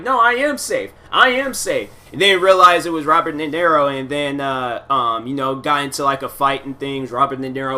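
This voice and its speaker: A man rambles on his own in a relaxed, casual monologue, looping back on himself with fillers and slang. His voice sits a little high for a man and has a bright, forward edge. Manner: loose, repetitive, filler-heavy storytelling with casual slang. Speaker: solo podcast host.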